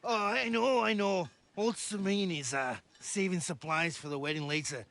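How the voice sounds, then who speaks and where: An actor playing a brash, mocking young bully who swears a lot. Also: male voice, sits high, moderate pace, gravelly, fairly bright tone. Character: brash rowdy young male bully, wedding guest.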